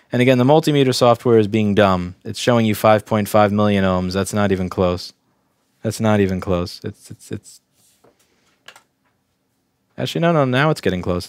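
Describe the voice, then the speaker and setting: A man's voice: on the low side, no room sound, studio quality. A young adult man from Staten Island, a repair technician casually talking through a bench test on a livestream, thinking aloud, restarting sentences and speaking bluntly. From Staten Island, New York.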